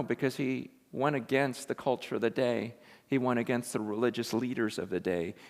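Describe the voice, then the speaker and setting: Male pastor, sermon, conversational and emphatic, slightly high voice, long hall reverb. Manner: conversational, emphatic, paraphrasing scripture in casual speech. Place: large meeting room with an audience.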